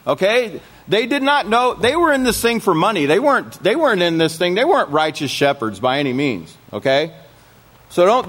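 A man's voice: high-pitched, a bit bright. A man giving a sermon to a congregation, reading scripture aloud and often checking in with his listeners through questions. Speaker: congregation teacher.

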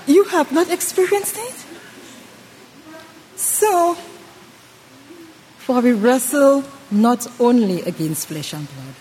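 A woman preaching a sermon with an acted-out story, dramatic, swinging between loud and hushed delivery. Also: high voice. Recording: long reverb of a hall.

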